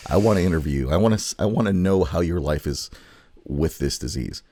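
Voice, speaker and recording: A man's voice: low voice, a little fast, mellow, breathy edge. A young man co-hosting a podcast in casual chat, crude and joking as he goes. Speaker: podcast co-host.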